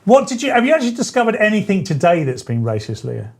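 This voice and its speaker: A man, hosting a live-stream show in a chatty, joking way with quick asides. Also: high-pitched, huge pitch swings, gravelly. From England. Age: 40s. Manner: chatty, jokey, self-correcting asides. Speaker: show host. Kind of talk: casual live-stream chat.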